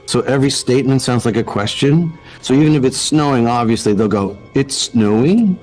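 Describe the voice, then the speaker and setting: A man's voice: medium pitch, fairly quick, darkish tone, soft background music. A Canadian man in an interview, explaining speech patterns and mimicking accents. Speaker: comedian in an interview clip. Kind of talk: interview anecdote.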